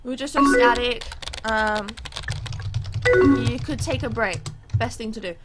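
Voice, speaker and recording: A woman's voice: a little high, unhurried, loud music behind the voice. A woman hosting a gaming channel, reading both sides of a chat game's messages aloud in a chatty, reactive way.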